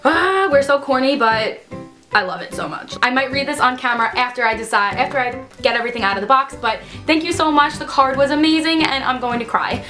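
Faint background music accompanies a young woman whose voice is a little high and a little fast. Bubbly and effusive, this beauty vlogger squeals happily while doing a casual unboxing at home.

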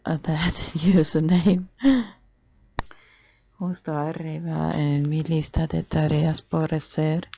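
Low gravelly slow-talking woman. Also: monotone. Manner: hesitant, switching between English and Spanish, soft asides. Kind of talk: casual bilingual vlog talk. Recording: dull lo-fi dry sound.

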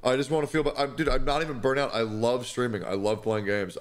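A young man streaming live, distressed and stressed, talking in halting, repeated words with apologies and heavy swearing. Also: mid-range voice, fairly even intonation.

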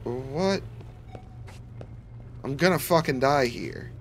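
A man's voice: medium pitch, slow pace, over music. A young man streaming a game live, talking to his viewers and ranting with heavy swearing. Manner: swears a lot, frustrated rants. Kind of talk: live gameplay commentary.

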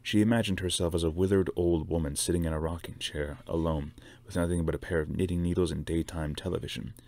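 A man reading a novel aloud with steady narration. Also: deep voice, quick pace. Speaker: reader.

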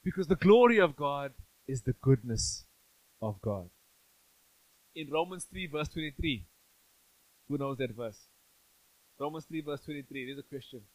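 A man's voice: on the high side, animated, a little slow, pauses often, no echo, low-quality recording. A male pastor giving a sermon in a church, conversational and playful, often asking the congregation questions.

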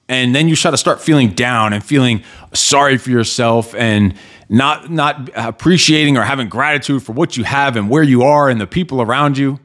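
A man's voice: medium pitch, a bit bright. A man hosting his own podcast, talking in a blunt, motivational way with casual swearing. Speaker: podcast host. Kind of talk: casual solo podcast monologue.

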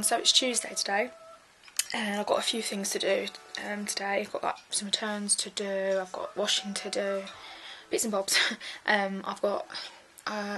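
A woman with a British accent chatting casually to camera in a home vlog, relaxed and full of little fillers. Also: medium pitch, a little hiss or hum. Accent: British English. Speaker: parent vlogger.

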